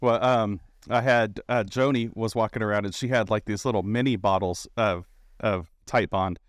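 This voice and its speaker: A man's voice: lowish voice, fairly even intonation, normal speed, dry recording, studio quality. A man hosting a podcast in a casual chat, laughing often and giving short replies. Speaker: podcast host.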